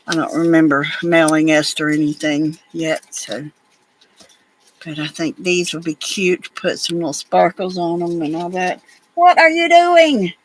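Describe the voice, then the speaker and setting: A woman's voice: sits low, flat delivery, normal speed, low-quality recording. A woman, chatting casually and rambling as she works on crafts at home, now and then talking to her pets. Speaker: crafting vlogger. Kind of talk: casual chat while crafting.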